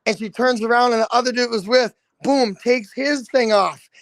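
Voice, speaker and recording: Guest storyteller, man in his thirties, high gravelly voice, dry close sound, animated and profane. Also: moderate pace, dry recording. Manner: animated storyteller, swears freely, acts out quotes. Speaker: guest, lead singer. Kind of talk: casual storytelling.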